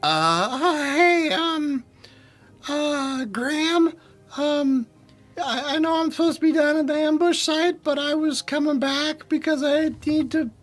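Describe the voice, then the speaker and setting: A man's voice: slow, fairly bright tone, full character voice. A jittery little goblin, as a man puts him on, stammering and stuffing his excuses with ums and uhs. The voice climbs far above the speaker's own, thin and strained. Music plays faintly underneath. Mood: nervous. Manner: stammering, filler-heavy, high-pitched. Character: nervous rambling goblin man.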